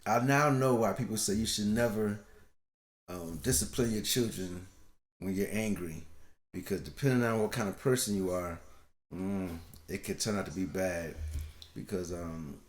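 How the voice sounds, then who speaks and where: Middle-aged father, podcast co-host, animated storyteller, roomy sound. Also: deep voice, moderate pace. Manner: animated, laughing storyteller acting out voices. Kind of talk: casual storytelling chat.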